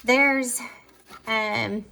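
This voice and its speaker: A woman with a Southern US accent, giving a casual, affectionate tour of her home decor as a vlogger. She drifts between soft, tender remarks and brighter, lively ones. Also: on the high side, drawn-out words, gravelly.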